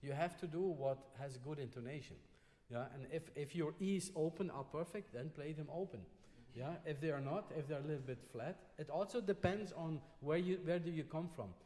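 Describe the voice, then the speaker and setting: Male masterclass teacher with a slightly high voice; patient, encouraging, recorded with long hall reverb. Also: normal speed, few pauses, mellow. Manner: patient, frequently checks in with "yeah?". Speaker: trumpet teacher. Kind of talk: masterclass coaching.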